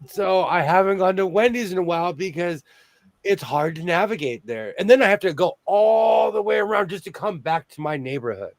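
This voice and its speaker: A man's voice: sits high, expressive, normal speed, gravelly, no room sound. A man in his forties from California rambles through a casual chat in a slightly raised voice. His sound is dry and close, with no room around it. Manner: rambling, chatty storyteller.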